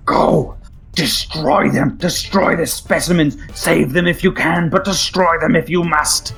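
A man voicing a furious ancient alien ship captain who shouts and howls in rage. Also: a little high, steady tone, a little slow, vocal fry, soft background music, pitched above the performer's own voice. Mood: commanding.

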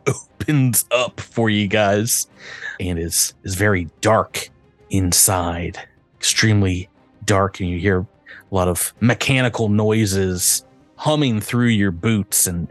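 Deep-voiced man running a tabletop game. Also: fairly bright tone. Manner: halting, laughs often, many restarts. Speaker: game master.

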